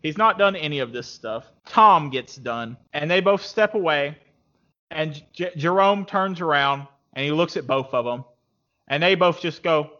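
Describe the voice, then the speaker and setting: A man telling a crude comic story in an animated, casual way, in a dull lo-fi recording. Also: fairly high pitch, moderate pace.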